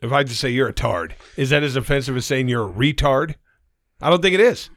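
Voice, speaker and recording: A man's voice: mid-range voice, expressive, brisk, a bit bright, no echo, studio quality. A man co-hosting a podcast in crude, casual banter, blunt and provocative with frequent swearing. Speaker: podcast co-host.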